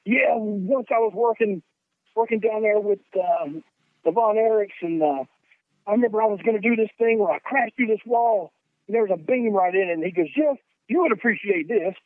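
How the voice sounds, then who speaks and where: A man with a Southern US accent, a podcast guest, telling animated, profane stories and laughing as he goes. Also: sits high, moderate pace, no room sound. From North Carolina. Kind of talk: casual storytelling. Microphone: phone. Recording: tinny phone line, dry.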